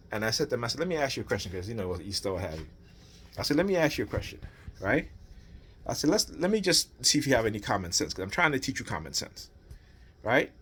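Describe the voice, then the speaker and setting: A father vents about family matters on his channel in a rambling, heated rant to camera, often tossing in "right?" His voice sits fairly low, with a fairly bright tone and a breathy edge.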